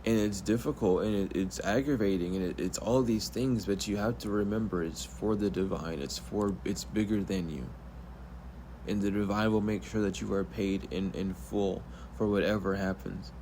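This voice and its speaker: This spiritual reader has a warm, lowish voice and speaks at normal speed, addressing the viewer directly. His pep talk is earnest, rambling, and soothingly repetitive, with slight background noise.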